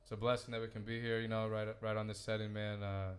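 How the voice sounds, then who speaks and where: A man's voice: on the low side, little pitch movement, fast talker. A man hosting a podcast in a hyped, slangy casual chat, with some swearing. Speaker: podcast host.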